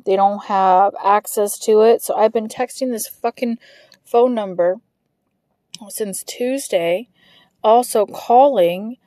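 A woman's voice: on the high side, warm tone, dry recording. A woman hosting a podcast, venting about work with frequent swearing. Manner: frustrated, heavy swearing, ranting. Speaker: podcast host. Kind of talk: venting monologue.

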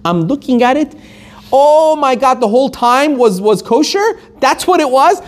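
A man's voice: very high-pitched, big pitch swings, moderate pace, voice pushed up. A man voicing a panicked, regretful man after death who pleads in a frantic, rising voice.

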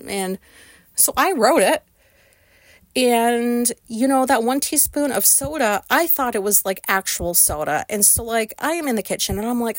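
A woman tells a story straight to the camera in a loose, rambling monologue, swearing freely along the way. Her voice sits a little high. The sound is dry and close, with no room echo. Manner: candid, rambling, swears often. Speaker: vlogger.

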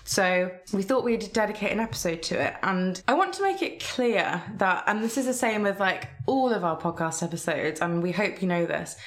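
A young woman co-hosting a podcast, chatting loosely and filling her sentences with little asides. Her voice sits in a middle pitch, relaxed and unhurried, and she often pokes fun at herself. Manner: chatty, filler-heavy, self-deprecating. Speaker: podcast co-host. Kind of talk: casual chat.

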